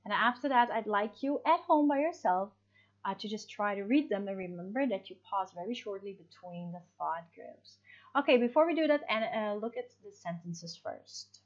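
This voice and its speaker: A woman's voice: medium pitch, lively intonation, normal speed. A woman teaching an English lesson, explaining step by step and checking in with her students. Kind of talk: online class lesson. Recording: dull lo-fi audio.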